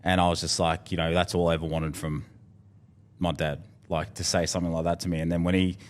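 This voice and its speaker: Deep-voiced Australian man, candid and heartfelt. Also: little pitch movement, fast talker. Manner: candid, heartfelt, swears freely. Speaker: podcast guest. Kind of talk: casual conversation.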